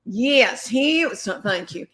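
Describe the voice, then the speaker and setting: A woman's voice: on the high side, takes it slowly. Woman comic, rambling storyteller, acts out quotes in a chatty interview. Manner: rambling, animated anecdotes with quoted dialogue. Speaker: comedian guest.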